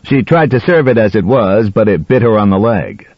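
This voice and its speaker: Brief: low, grumbling blunt husband, read by a man, dry flat sound. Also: moderate pace, no room sound. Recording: dull dry audiobook recording.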